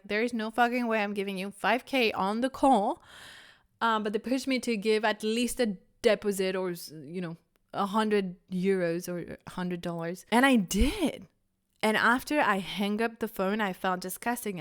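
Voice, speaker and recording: A young woman speaks candidly in a solo podcast, coaching her listeners on selling. Her voice is smooth and clear at a middle pitch. She talks frankly and laughs easily. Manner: frank, animated, swears casually, laughs often. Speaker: business coach and podcast host.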